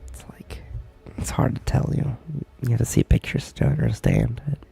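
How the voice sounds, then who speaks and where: A young man talking in soft, halting whispers in a whispered role-play stream, from his barracks room. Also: medium pitch, wildly swooping pitch, vocal fry, husky, soft background music.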